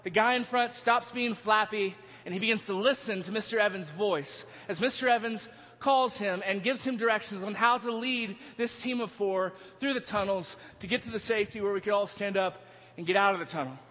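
A man preaching a sermon, telling a story in an animated way, now and then breaking into yelling. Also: sits high, brisk. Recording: dull sound, long hall reverb.

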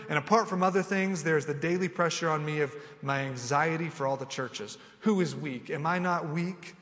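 A man preaching a sermon with animated delivery, acting out imagined dialogue and building to emphatic, rising lists. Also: on the high side, moderate pace, few pauses, long reverb tail. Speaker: pastor.

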